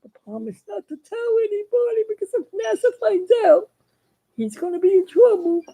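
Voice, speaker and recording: A woman's voice: extremely high pitch, expressive, moderate pace, gravelly, warm tone, pitched above the performer's own voice, exaggerated voice, poor audio. A woman voicing a frazzled male cartoon astronaut who pleads in a flustered, giggly way. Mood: pleading.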